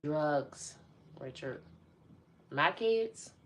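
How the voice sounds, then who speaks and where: A woman's voice: deep voice, animated, extremely slow, a little hiss or hum. A middle-aged woman chatting casually on a live stream, talking to her viewers as y'all.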